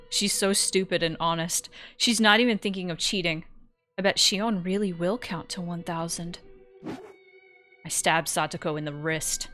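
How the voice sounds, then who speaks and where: A woman narrating a visual novel aloud in first person, keeping a steady, matter-of-fact delivery. Her voice sits a little low for a woman. Faint music runs underneath.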